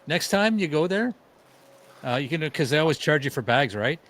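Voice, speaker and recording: Bright-voiced man hosting a comedy podcast. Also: fairly high pitch, expressive, normal speed. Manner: short interjections, hands off the floor. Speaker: podcast host.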